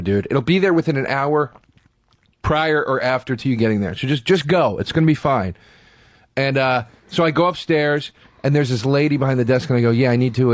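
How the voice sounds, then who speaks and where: A man telling a story in a casual podcast chat, animated and profane, acting out quotes in shifting voices. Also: mid-range voice, no room sound, studio quality. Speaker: comedian co-host.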